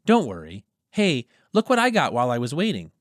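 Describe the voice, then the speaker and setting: A man's voice: mid-range voice, huge pitch swings, a little fast, no room sound, clean studio sound, pitched above the performer's own voice. A man voicing a cheerful, teasing young woman in an audiobook. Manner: teasing, upbeat.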